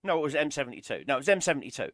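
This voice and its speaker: A man's voice: medium pitch, big pitch swings, racing, no echo, studio quality. A man streaming a game, ranting in an exasperated, sarcastic way and swearing often. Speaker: gaming streamer. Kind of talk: ranting gameplay commentary.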